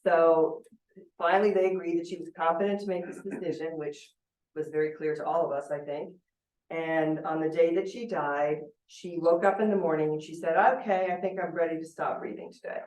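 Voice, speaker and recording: A woman's voice: deep voice, steady tone, fairly quick, darkish tone. A woman in her sixties, a judge presenting a seminar, talking candidly and telling a personal story in a chatty way. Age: 60s. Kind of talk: public talk with personal anecdote. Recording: roomy hall, picked up from a distance.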